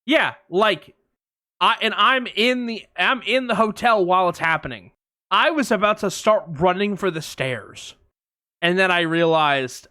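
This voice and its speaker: A young man co-hosting a podcast, telling a long story in casual chat, animated, acting out quotes and swearing freely. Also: high voice, a little slow, no room sound, clean studio sound. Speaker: podcast co-host.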